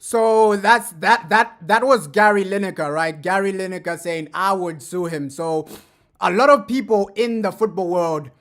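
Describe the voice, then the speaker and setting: A man giving casual fan commentary as a streamer reacting to clips, talking in a chatty way and tagging his sentences with quick asides. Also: high-pitched, a bit bright. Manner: chatty, keeps adding "bro" and "right?".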